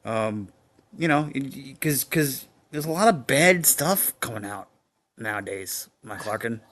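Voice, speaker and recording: This young man co-hosts a podcast in a mid-range, slightly bright voice that is animated but a little slow. His casual banter rambles, packed with fillers and swear words.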